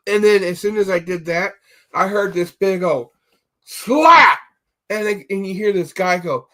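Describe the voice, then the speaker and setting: A man's voice: sits high, animated, unhurried, fairly bright tone. A man on a casual streamed podcast chat, telling rambling comic stories and stumbling over repeated words. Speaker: podcast co-host.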